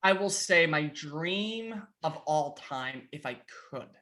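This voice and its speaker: A young man chatting as a podcast guest over a video call, excitable and quick, with playful impressions and swearing. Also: fairly high pitch. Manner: excitable, fast, with playful put-on voices and profanity. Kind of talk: casual chat.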